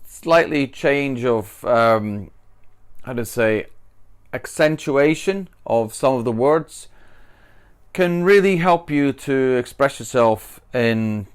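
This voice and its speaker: A middle-aged man teaching English in a relaxed video lesson, pausing to act out short example lines in different tones. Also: mid-range voice, clean tone.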